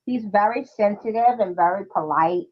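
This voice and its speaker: A woman's voice: medium pitch, normal speed. Chatty woman on a lo-fi stream. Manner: animated storyteller, laughs often, acts out children's voices in quotes. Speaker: guest on a live stream. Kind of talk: casual chat. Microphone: live-stream call microphone. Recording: dull lo-fi stream audio.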